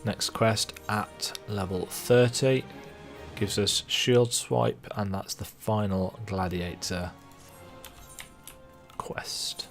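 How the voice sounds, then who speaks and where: A man's voice: lowish voice, fairly even intonation, very slow, soft background music. A man casually commentating on his own live video game stream, chatty and amused. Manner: chatty, amused, mumbling to himself.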